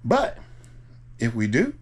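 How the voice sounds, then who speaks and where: A man's voice: medium pitch, huge pitch swings, slow, slightly rough. A man, chatting casually and laughing easily as an RV travel vlogger. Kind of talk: casual chat to camera.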